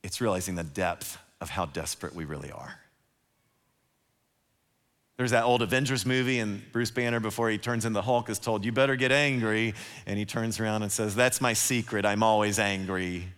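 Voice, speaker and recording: A man preaching a sermon as pastor, animated and acting out the voices he quotes. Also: on the low side, moderate pace. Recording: long hall reverb.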